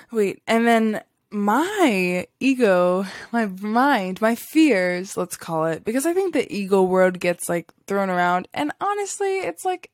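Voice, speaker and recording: A woman's voice: medium pitch, no room sound, clean studio sound. Rambling woman telling a spiritual story. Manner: rambling, many fillers, frequent laughs. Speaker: podcast host. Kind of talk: casual spiritual storytelling monologue.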